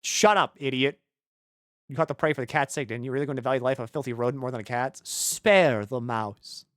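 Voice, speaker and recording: A man streaming a video game, reading its text aloud in a low mutter and breaking into rambling, jokey asides full of "like". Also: steady tone, very fast, no room sound. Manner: jokey, irreverent, swears.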